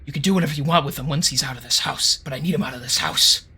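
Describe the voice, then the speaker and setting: A man voicing a middle-aged male town mayor who whisper-shouts in exasperation, desperate to protect his family. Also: medium pitch, very fast, breathy edge, full character voice. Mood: grudging.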